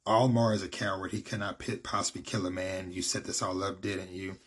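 A man reading the lines of a bitter, defiant male farmer in his own low, husky voice. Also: level tone, fairly quick, a little hiss or hum, lightly acted.

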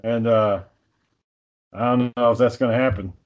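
A man's voice: mid-range voice, steady tone, normal speed, dull audio. A young man telling stories in a casual chat, rambling and swearing, acting out what people said. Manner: rambling storytelling, heavy swearing, acts out quotes.

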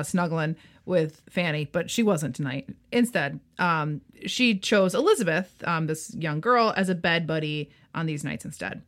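A woman's voice: on the low side, fairly bright tone. A woman co-hosting a history podcast, reading a scripted story and bantering playfully with her co-host. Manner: playful, banters and reads with emphasis. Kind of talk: scripted history narration with chat.

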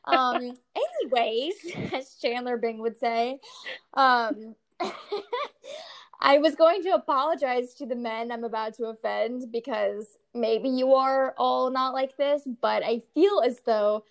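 A woman's voice: on the high side, slow. A woman in her thirties, co-hosting a casual chat, telling stories animatedly and laughing often. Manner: animated, laughs often, filler-heavy storytelling. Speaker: podcast co-host.

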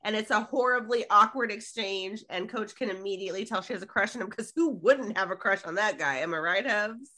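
A woman's voice: medium pitch, brisk, few pauses. A middle-aged woman co-hosting a podcast, animatedly recapping an episode and quoting its lines in casual chat. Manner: animated storytelling, quotes lines from the show. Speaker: podcast co-host.

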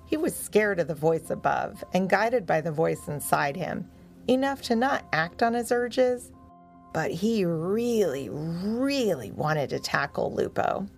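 A woman storyteller reading a children's story aloud in a gentle, expressive way. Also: on the low side, unhurried, gravelly, soft background music.

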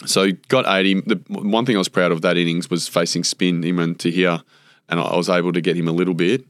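Aussie bloke with a deep voice, rambling through stories, lots of ums and likes, dry close sound. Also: male voice, little pitch movement, fairly quick, no echo. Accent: Australian. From Australia. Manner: rambling anecdotes with many fillers, acts out quotes. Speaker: guest, former cricketer. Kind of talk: casual storytelling interview.

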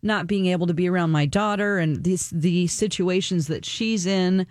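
A woman's voice: lowish voice, moderate pace, a little mellow, no room sound, studio quality. A middle-aged woman co-hosting a radio talk show, speaking frankly and openly about her worries. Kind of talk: casual talk radio chat.

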